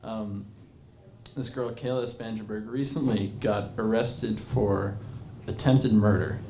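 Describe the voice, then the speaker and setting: A man's voice: fairly low pitch, steady tone, slow pace, mellow. A man in his twenties telling a personal story to a live bar audience, rambling and self-mocking, with many fillers. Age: 20s. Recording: echoey bar with crowd noise.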